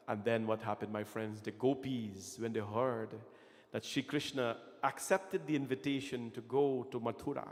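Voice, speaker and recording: A man telling a devotional story as a sermon, impassioned and often calling his listeners friends. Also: medium pitch. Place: temple hall. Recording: reverberant hall with faint music.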